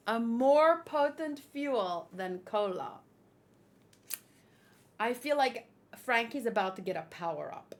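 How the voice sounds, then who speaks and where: A woman with a high voice talks slowly through a manga chapter as a read-along host. Her commentary is casual and playful, slipping into sarcastic asides. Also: expressive.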